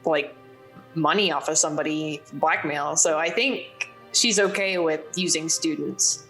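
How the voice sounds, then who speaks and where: A woman's voice: low voice, measured pace, fairly bright tone, reverberant, faint music behind, low-quality recording. A woman playing a tabletop game over a video call, speaking in character in a mumbling, blunt way. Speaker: tabletop player.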